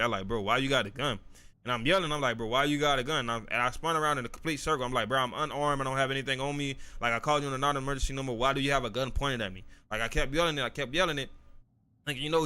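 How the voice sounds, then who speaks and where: A young man streaming a game, rambling through a personal story in a casual, profane way, often asking "you feel me" and getting louder when worked up. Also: medium pitch. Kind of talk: casual storytelling while gaming.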